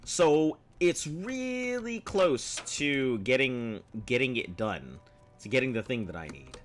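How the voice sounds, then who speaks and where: A man streaming a game, thinking aloud and reading on-screen text in a casual, rambling way, with a slightly rough, throaty voice from clearing his throat often. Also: medium pitch, sing-song, slow, soft background music. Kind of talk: casual gameplay commentary.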